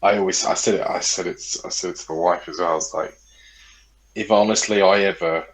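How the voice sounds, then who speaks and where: A man with a low, deep voice co-hosts a casual podcast chat. He rambles, circles back over his own words and swears freely. He talks into a studio podcast mic. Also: steady tone, brisk, rough recording. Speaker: podcast co-host.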